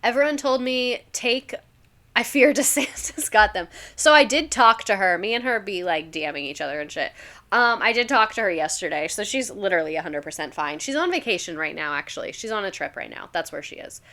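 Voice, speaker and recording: A woman's voice: medium pitch, lively intonation, brisk, pushed and bright. A young woman, a former teacher, chatting casually on a livestream, reading stories aloud, laughing often and swearing freely.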